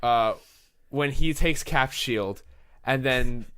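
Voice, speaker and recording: A man's voice: medium pitch, a bit bright, clean tone, no echo. A young male podcast co-host who talks casually and with real enthusiasm. He slips into scene recaps, acting out lines as he goes. His voice sits in a middle register and is recorded close and dry, with no room sound. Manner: enthusiastic, acts out movie lines in quick bursts. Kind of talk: casual chat.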